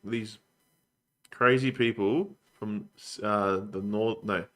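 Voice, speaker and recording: An Australian man co-hosting a podcast, telling rambling, animated stories in casual chat. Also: lowish voice, slow. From Adelaide, Australia. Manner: rambling, animated storytelling with mimicry. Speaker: podcast co-host.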